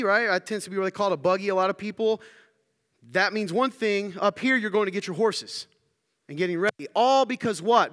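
A man's voice: sits high, fairly bright tone. A man from the American South, giving an interactive sermon talk, playful and jokey as he quizzes the audience. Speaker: speaker addressing a congregation. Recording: long hall reverb.

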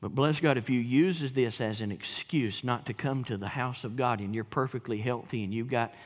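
A man preaching a sermon, impassioned and shouting at his peaks. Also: medium pitch, moderate pace, long reverb tail. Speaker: pastor. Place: church sanctuary.

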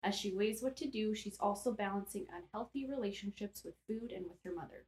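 A woman's voice: medium pitch, brisk, darkish tone, low-quality recording. A woman co-hosting a podcast in casual book chat, agreeable and reading book blurbs aloud. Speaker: podcast co-host.

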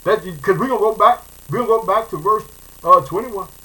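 Fervent high-voiced bright male preacher. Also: brisk, low-quality recording. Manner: fervent, repeats phrases, calls listeners family. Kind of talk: sermon reading and preaching.

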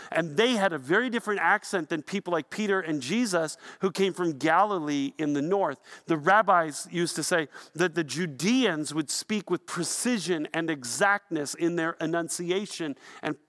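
A man delivering a sermon as pastor, telling a story with animation and swinging from hushed to loud. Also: a little high.

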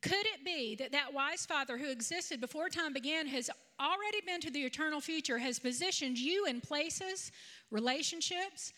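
A woman's voice: high-pitched, moderate pace. A woman in her fifties who is a grandmother, preaching a sermon that mixes personal stories with conversational asides. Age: 50s. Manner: conversational, animated storytelling with asides.

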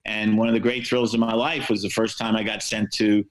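A man's voice: lowish voice, level tone, brisk, poor audio. An older American man, a sportswriter, telling wry, self-deprecating stories with many fillers in a podcast interview. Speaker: sportswriter guest.

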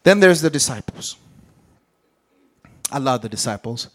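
A man's voice: mid-range voice, animated, a little slow. A man preaching a sermon with a British accent, acting out the Bible characters as he goes. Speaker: pastor.

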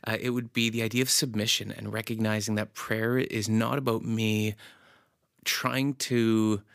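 A man on church staff talking about his prayer life in a relaxed, reflective podcast conversation. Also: fairly low pitch, dry recording, studio quality.

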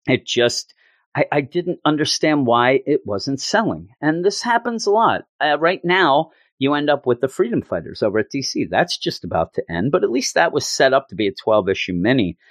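A man's voice: mid-range voice, no echo. A man hosting a podcast, chatting casually and jokily as he reviews a comic book. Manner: rambling, jokey, animated retelling. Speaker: podcast host.

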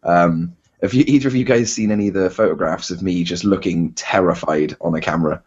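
Man, Bristol accent, very low husky voice, rambling podcast chat, dull lo-fi sound. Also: a little fast, a little mellow. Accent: Bristol English. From England. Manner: rambling, self-deprecating, many fillers and restarts. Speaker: podcast host. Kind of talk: casual chat.

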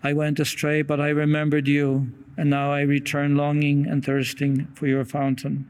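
A man preaching a sermon in an earnest way, reading long quotations aloud with pauses and small restarts. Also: a little high, monotone, darkish tone, clean tone.

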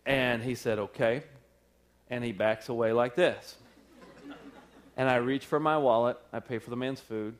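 A male pastor tells a story from the pulpit at a church service, his voice a middling pitch. He acts out the people in the story and laughs often as he goes. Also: fairly even intonation, normal speed, long pauses, a little hiss or hum. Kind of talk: sermon storytelling.

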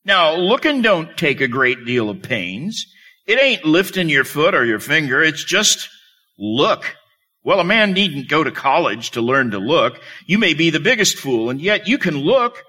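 A man's voice: a little high, very animated, a little slow, sharp tone. A man preaching a sermon, telling a story with emphatic delivery.

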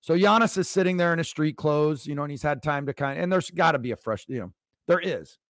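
A man's voice: fairly high pitch, a little fast, fairly bright tone, no room sound, studio quality. A man hosting a coaching podcast, telling a sports story in a rambling, emphatic way with frequent restarts. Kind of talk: solo podcast monologue.

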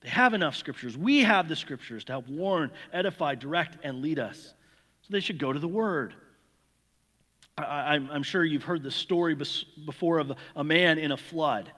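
A man's voice: a little high, animated, moderate pace, bright, forceful tone. A man preaching an earnest, emphatic sermon that weaves in an illustrative story. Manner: earnest, emphatic, repeats words. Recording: long hall reverb.

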